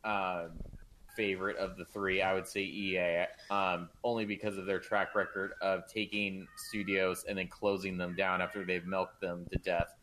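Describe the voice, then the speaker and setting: A man co-hosting a gaming talk stream, relaxed and hesitant, with frequent ums. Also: deep voice, moderate pace, slight background noise, low-quality recording. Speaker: co-host. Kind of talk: casual chat.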